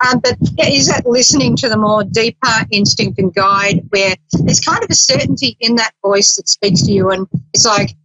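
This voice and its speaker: A woman's voice: a little high, normal speed, hardly any pauses, fairly bright tone, husky, dry recording. Chatty lo-fi woman radio host. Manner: chatty, laughs often, acts out quotes. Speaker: psychic radio show host. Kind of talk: casual talk show chat. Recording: dull lo-fi stream audio.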